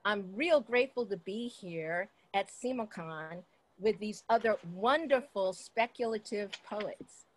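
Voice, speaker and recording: A woman hosting a poetry reading, introducing the next poet in a measured, gracious way. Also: mid-range voice, expressive, a little hiss or hum, poor audio. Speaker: host of the reading. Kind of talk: event introduction.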